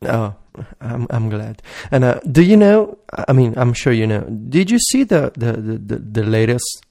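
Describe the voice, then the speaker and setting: A man's voice: mid-range voice, big pitch swings, a little slow, vocal fry, dark tone. A man with an Italian accent, a native Italian speaker, co-hosting a podcast with an eager, easygoing manner. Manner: eager, laughs easily. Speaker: podcast co-host. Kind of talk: casual chat.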